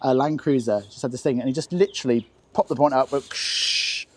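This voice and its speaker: An English man with an animated, anecdotal way of talking, telling stories about his car as an interview guest. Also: fast talker. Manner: animated anecdotes, jumps high for acted quotes. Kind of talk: casual storytelling interview.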